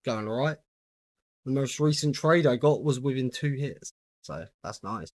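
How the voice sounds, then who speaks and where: A young British man chatting casually with his viewers while playing a game on a livestream, relaxed and easygoing as he greets viewers and answers their questions. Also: medium pitch, unhurried, dry recording, studio quality. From United Kingdom. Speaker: gaming livestreamer.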